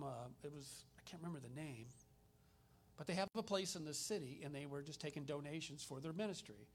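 A middle-aged man, a minister telling personal stories in a conversational sermon with animated retellings. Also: on the high side.

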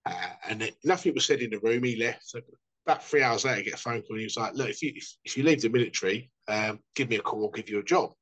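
A man's voice: medium pitch, quick pace, a bit bright. A man telling sweary, jokey anecdotes in a casual chat. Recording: dull lo-fi sound.

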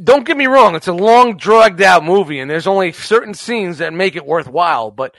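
Male podcast host, bright, teasing, casual banter. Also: sits high, lively intonation, normal speed, no room sound. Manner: playful, teasing, profane.

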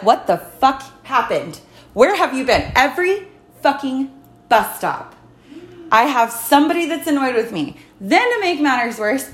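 A woman podcast host tells her story in a lively voice that swoops up and down, her pitch on the high side. She swears freely and vents. The sound is echoey, as if from a bare room. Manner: profane, venting, animated storytelling. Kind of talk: casual podcast chat.

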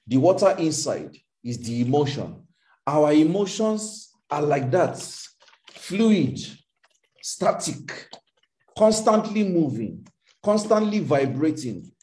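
A man's voice: medium pitch, mellow. A man, coaching a live emotional intelligence session in an emphatic, repetitive, preacher-like cadence. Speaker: motivational coach.

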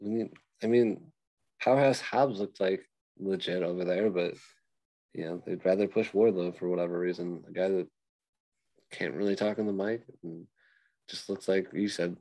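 A man with a very low, deep voice trading jokes on a casual podcast. He laughs often and slips into mocking voices. His delivery is loose and conversational. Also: steady tone, moderate pace, mellow, low-quality recording. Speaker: podcast co-host.

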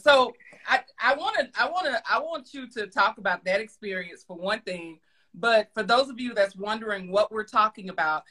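A woman hosting a casual book discussion, talking in an excitable, gushing way. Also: mid-range voice. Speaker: host. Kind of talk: casual chat.

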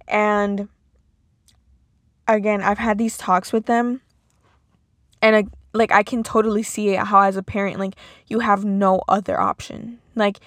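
A woman's voice: mid-range voice, little pitch movement, unhurried, pauses often, a bit bright, no room sound. A young woman speaks in a mid-range voice, candid and a little emotional, her speech full of "like" and restarts. The sound is dry and close, with no room around it. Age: young adult. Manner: casual, emotional, filler-heavy with many "like"s. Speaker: podcast host. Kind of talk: personal monologue.

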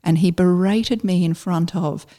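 A middle-aged woman, a former army officer, telling a story in casual conversation, halting and full of fillers. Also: on the low side, mellow. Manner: halting, with many fillers and restarts.

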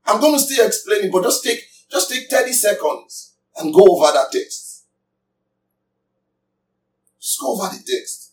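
A man's voice: sits high, sing-song, moderate pace, pauses often, far from the mic, a little hiss or hum. A man preaching a sermon emphatically, asking his congregation questions as he teaches. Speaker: pastor. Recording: echoey room, voice from off mic.

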